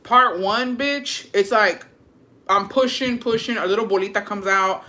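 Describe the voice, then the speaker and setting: Bright-voiced, foul-mouthed woman chatting. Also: medium pitch, a little slow. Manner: crude, profane, laughing storytelling; mixes Spanish words into English. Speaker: content creator reading viewer stories. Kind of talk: casual chat.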